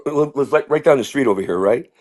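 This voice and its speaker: Brief: rambling male comedian on a video call, lively pitch, animated storytelling. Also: brisk. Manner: rambling, animated, slips into impressions. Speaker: comedian guest. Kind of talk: casual interview storytelling.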